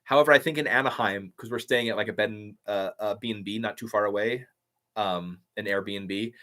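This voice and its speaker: A young man with a lowish, bright, forceful voice talks a little fast while answering live chat as a YouTube impressionist. He's upbeat, reading viewer comments aloud and thanking the people who sent them.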